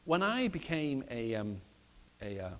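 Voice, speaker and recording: A man with a British accent, raised in the Middle East, giving a lively conversational apologetics talk in a church and questioning his audience. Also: medium pitch, a little slow. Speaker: speaker.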